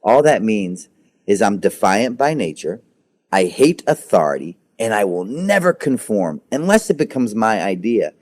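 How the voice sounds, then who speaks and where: Low-voiced man telling his story. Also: very animated. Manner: halting, repeats words, then intense and emphatic. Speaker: guest. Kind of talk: candid interview storytelling.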